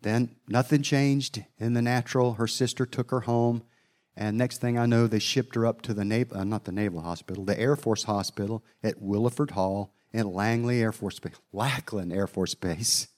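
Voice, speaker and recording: A man's voice: lowish voice, steady tone, moderate pace, a little mellow. A middle-aged man preaching a sermon, telling a personal story in a folksy way, with asides to his listeners.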